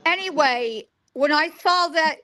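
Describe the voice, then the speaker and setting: High-voiced unhurried woman storyteller. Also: slight background noise. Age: 40s. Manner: animated storyteller acting out dialogue. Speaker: guest psychic. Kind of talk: casual storytelling interview.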